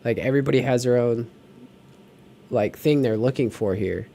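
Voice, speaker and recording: A podcast co-host speaks at a medium pitch and normal pace, his voice mellow. He rambles casually through the chat, full of fillers and restarts.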